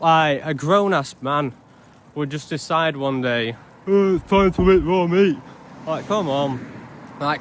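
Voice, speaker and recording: A man's voice: a little high, slight background noise. A young man ranting in a casual vlog, blunt and sarcastic with heavy swearing. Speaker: vlogger.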